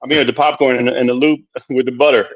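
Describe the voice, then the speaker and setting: A man's voice: medium pitch, flat delivery, fast. Casting: male podcast host, loose and rambling, repeats himself, laughs a lot, muffled lo-fi audio. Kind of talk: casual chat. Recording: dull lo-fi sound.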